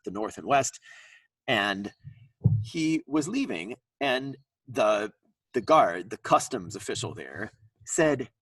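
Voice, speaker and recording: A male lecturer talks slowly and playfully, his pitch swooping up and down as he sings out examples. His voice has a slight husk. It is recorded dry, from a mic set some distance away. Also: breathy edge, dry recording. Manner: animated, sings out tones, playful asides. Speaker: university lecturer.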